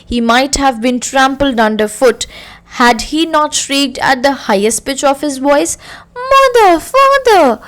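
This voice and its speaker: A woman teacher reading a story aloud slowly and carefully, then explaining it to her class. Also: sits high, fairly even intonation.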